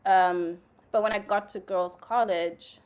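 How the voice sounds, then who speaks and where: A young woman from Zimbabwe, a playwright and actress, telling stories in a casual interview, animated and full of "like" fillers. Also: medium pitch, a little slow. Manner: animated storytelling, many "like" fillers, acts out quotes.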